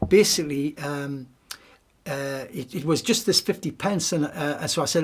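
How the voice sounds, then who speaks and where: A middle-aged man with a Geordie accent giving a gentle, reflective devotional talk, often restarting his sentences. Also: on the high side, normal speed, breathy edge. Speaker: speaker giving a weekly message.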